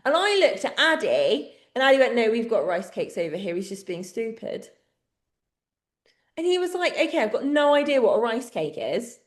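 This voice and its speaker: An English podcast co-host with a voice on the high side and big pitch swings talks at normal speed in an echoey room. She is a chatty storyteller in casual chat, often breaking into laughter.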